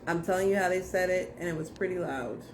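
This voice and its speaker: A woman's voice: on the low side, fast talker, a little hiss or hum. A young woman giving a casual tarot reading to camera, blunt, slangy and profane as she talks straight to viewers. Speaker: tarot reader.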